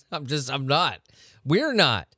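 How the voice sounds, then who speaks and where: A man's voice: on the high side, very animated, slow, pushed and bright, dry recording, clean studio sound. A man hosting a weird-news podcast, ranting casually with lots of profanity and incredulous outbursts. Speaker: podcast host. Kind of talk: casual comedic rant.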